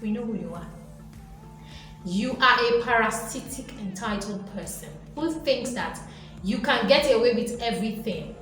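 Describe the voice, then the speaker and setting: A woman giving a motivational talk with a fairly high voice, animated and lecturing. She slips into acted-out voices as she goes. The sound is very echoey, with faint music underneath. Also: moderate pace. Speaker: motivational vlogger.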